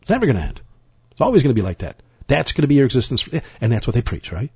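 Husky male preacher, lowish voice, dry dull lo-fi sound, emphatic and rambling. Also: huge pitch swings, very fast, a little mellow, no room sound. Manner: emphatic, rambling, repeats words and restarts. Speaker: Bible teacher. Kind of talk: sermon-style Bible teaching.

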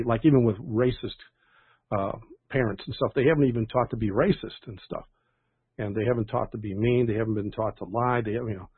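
A man's voice: mid-range voice, slightly rough, no echo. An older man, a pastor leading an online prayer call, chatting and reading praise reports in a rambling way with many fillers. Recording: tinny phone-line audio, dry.

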